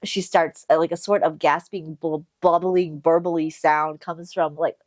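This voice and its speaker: A woman co-hosting a podcast, retelling a story in casual chat, animated and swearing, laughing often. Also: low-pitched, a little slow, no echo. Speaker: podcast co-host. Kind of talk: casual book recap chat.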